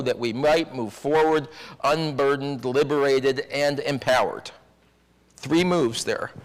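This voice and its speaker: Storytelling minister in echoing church. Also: male voice, medium pitch. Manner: storytelling, wry and confiding. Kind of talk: sermon. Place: church sanctuary. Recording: long church reverb.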